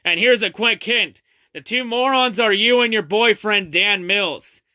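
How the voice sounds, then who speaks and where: A man from the Detroit area taunts a rival in a profane, confrontational diss rant. His voice sits high and cuts with a sharp, piercing brightness. The sound is dry and close, with no room around it. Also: unhurried, dry recording. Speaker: fan channel host. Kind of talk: ranting diss video to camera.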